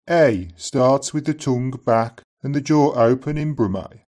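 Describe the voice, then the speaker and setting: A man teaching an accent lesson in scripted narration, saying each example word slowly and carefully, often twice. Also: mid-range voice, darkish tone, lo-fi sound.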